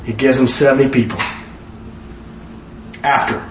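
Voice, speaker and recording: A man's voice: a little high, normal speed, roomy sound. Male preacher, conversational teaching style, quizzes the room; distant mic, faint noise. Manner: conversational, asks the audience questions. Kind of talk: Bible study sermon.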